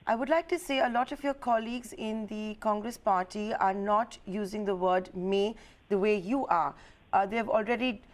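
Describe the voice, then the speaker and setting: A woman news anchor, asking brisk, probing questions and introducing a panel. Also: mid-range voice. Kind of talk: television news interview and panel hosting.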